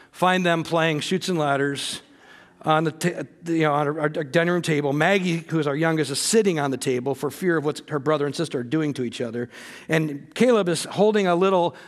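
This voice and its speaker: A man in his forties preaching a sermon, telling family stories in an earnest way that rises to emphatic peaks. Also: a little high. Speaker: pastor.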